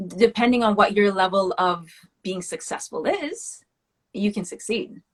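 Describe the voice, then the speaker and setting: Candid, animated woman interview guest. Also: mid-range voice, a little slow. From West Indian family. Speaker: guest, children's book author. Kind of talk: casual interview talk.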